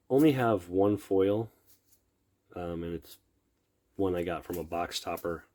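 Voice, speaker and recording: A man's voice: low voice, mellow. A middle-aged man giving casual unboxing commentary, murmuring card names and admiring the art, often trailing off mid-sentence. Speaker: card collector opening packs.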